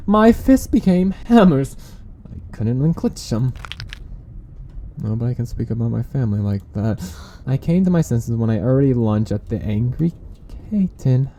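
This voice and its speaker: Animated woman reading game text aloud. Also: a bass voice, moderate pace, slight background noise. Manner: animated, swings between quiet reading and loud outbursts; swears casually. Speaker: let's play host. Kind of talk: reading visual novel text aloud with commentary.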